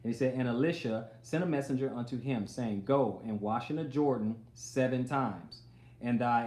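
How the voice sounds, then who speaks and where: A man's voice: mid-range voice, normal speed, a little mellow. A man preaching a sermon, reading scripture aloud and then retelling it in everyday speech, sometimes acting out the people in the story. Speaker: pastor. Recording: roomy echo.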